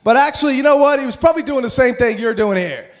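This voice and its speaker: A man in his forties with an American accent, giving an excitable, jokey motivational talk to an audience at a school event. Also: very high voice, quick pace. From USA. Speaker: motivational speaker.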